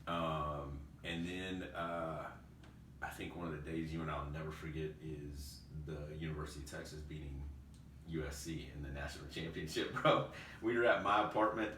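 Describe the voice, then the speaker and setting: A man hosting a podcast, telling old work stories in a casual, animated way, laughing often and calling his friend dude and bro. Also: very deep voice, moderate pace. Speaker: podcast host. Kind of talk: casual storytelling chat. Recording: roomy echo, distant mic, faint noise.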